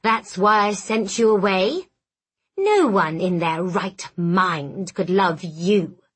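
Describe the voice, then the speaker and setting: A woman voicing a cold, accusing aunt, speaking slowly in a low, hollow whisper full of scorn. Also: expressive, breathy edge. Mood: scornful.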